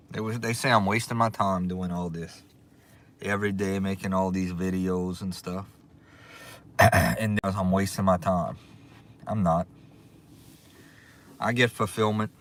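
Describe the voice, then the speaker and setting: A man hosting a casual livestream, excitable and drawling as he thanks his viewers over and over. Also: low voice. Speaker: livestream host. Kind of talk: casual live chat. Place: outdoors.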